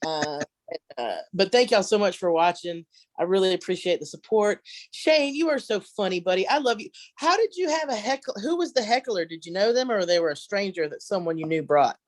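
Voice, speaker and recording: A woman's voice: mid-range voice, animated, a little fast, no room sound. A middle-aged woman doing a brash, profane, rambling stand-up set. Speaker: headlining comedian. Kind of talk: stand-up set on a video call.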